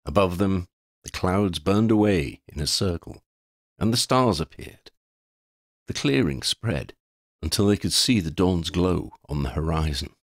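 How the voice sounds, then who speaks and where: A man reads a storybook aloud in a dramatic, measured way. His voice is low with a lively, varied pitch, and it is recorded close and dry. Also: no room sound. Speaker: audiobook reader. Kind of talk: storybook narration.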